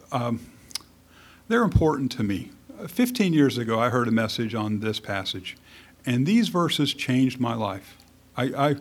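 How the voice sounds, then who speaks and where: Male preacher, conversational sermon, casual, funny, restarts sentences. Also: mid-range voice. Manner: casual, self-correcting, lightly humorous.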